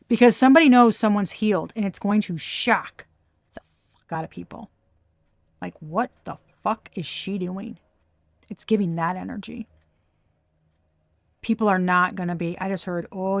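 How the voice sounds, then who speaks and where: Woman tarot reader, casual and blunt, swears a lot, mid-pitched, dry close recording. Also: creaky, no room sound. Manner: blunt and profane, laughing often.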